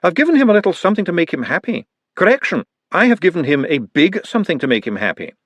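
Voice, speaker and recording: A breezy doctor reporting on his patients offhandedly, as a man puts him on. The voice is raised and lively, and it is dry and close. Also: high voice, fast, dry recording, pitched above the performer's own voice, full character voice. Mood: offhand. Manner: cheerful, offhand. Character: breezy, matter-of-fact male doctor.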